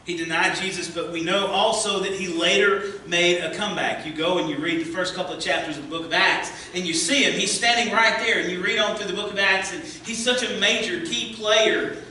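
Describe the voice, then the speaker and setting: A man preaching a sermon as pastor, earnest, rising as he reads scripture and hushed in prayer, recorded in a church sanctuary. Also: sits high, fairly quick, hardly any pauses, far from the mic, a little hiss or hum. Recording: echoey church from afar.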